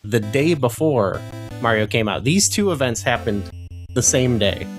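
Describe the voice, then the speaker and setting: A man's voice: mid-range voice, lively intonation, measured pace, faint music behind. Rambling podcast co-host man. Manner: rambling, lots of fillers. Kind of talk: casual chat.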